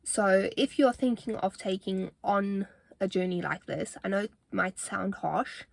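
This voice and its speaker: A young woman talks straight to her viewers in a relaxed vlog, her voice sitting in a mid range. She is earnest and motivational, with plenty of fillers and restarts, and a little out of breath as she goes. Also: medium pitch, unhurried, creaky, dry recording. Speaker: fitness vlogger. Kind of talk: casual talking-to-camera vlog.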